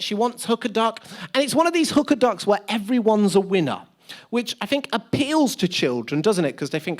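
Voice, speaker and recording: A man's voice: sits high, very animated, normal speed. Male pastor, sermon with humorous asides, self-mocking storyteller, in a church service. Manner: chatty, self-deprecating storytelling. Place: church service with live audience.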